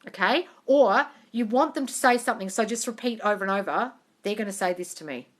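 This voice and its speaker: On a live stream recorded by a phone at arm's length, a young woman who coaches manifestation reads out and answers viewer comments. Her mid-range voice runs a little fast, and she's frank, chatty, swears freely, and calls her viewers darling.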